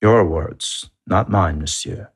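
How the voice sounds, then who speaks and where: A man's voice: sits low, takes it slowly, breathy edge, full character voice. Man putting on a sly french cop in his fifties, sarcastic and chiding, storybook reading.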